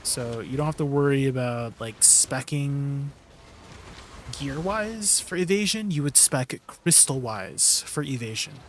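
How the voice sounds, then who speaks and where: A man's voice: medium pitch, unhurried, a little hiss or hum. A man casually chatting on a game stream, explaining gear and greeting viewers from chat.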